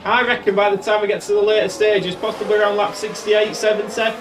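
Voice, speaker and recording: A gaming video host gives casual let's-play commentary on his racing management game, narrating the race in an exasperated way. He talks fast in a high-pitched, flat voice. The mic is distant, with game music and other background noise behind him.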